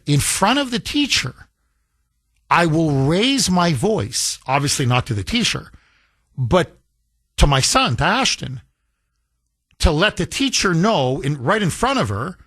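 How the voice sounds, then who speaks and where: A man's voice: on the high side, fairly bright tone, no echo, clean studio sound. A middle-aged man hosting a talk radio show, telling a personal story in casual chat and acting out the voices he quotes, with frequent restarts.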